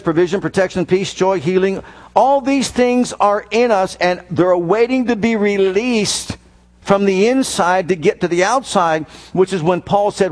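A man preaching a sermon as pastor from the pulpit, animated, with mocking asides. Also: sits high. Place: church.

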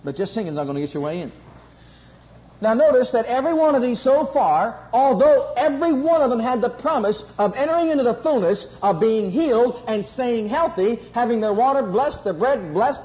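Fervent high-voiced male preacher, lo-fi. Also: lively intonation, a little fast. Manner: fervent, swings from loud emphasis to quiet low asides. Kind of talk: sermon. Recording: dull lo-fi recording.

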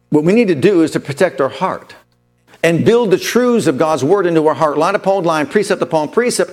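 A man's voice: mid-range voice, darkish tone. A man preaching a sermon, building with emphatic repetition and rising declarations. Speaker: pastor.

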